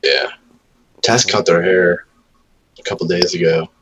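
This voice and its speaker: A man with a very low, deep voice chats casually with a friend. He rambles through stories, swears freely and slips into voices to mimic his pets. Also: unhurried, crowd noise, rough recording. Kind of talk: casual chat.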